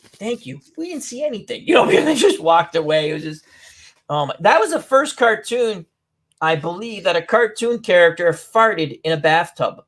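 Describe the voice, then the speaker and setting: A man's voice: high-pitched, animated, moderate pace, fairly bright tone. A man hosting a casual online chat, rambling through funny stories with lots of giggles. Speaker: host.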